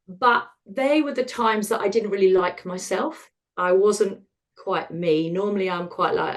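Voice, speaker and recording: A woman's voice: medium pitch, normal speed, vocal fry. Frank woman telling her story. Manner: frank and self-deprecating, laughs at dark moments. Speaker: guest. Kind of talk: candid conversational storytelling.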